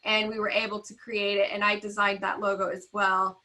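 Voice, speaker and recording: A woman's voice: medium pitch, flat delivery, brisk, sharp tone, rough recording. A woman guest on a video-call interview, telling her story with enthusiasm. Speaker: guest, podcast founder.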